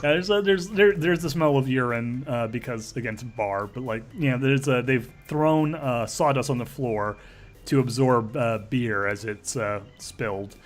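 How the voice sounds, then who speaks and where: A man's voice: medium pitch, normal speed, soft background music. A man narrating a tabletop role-play as game master, rambling with lots of fillers and restarts.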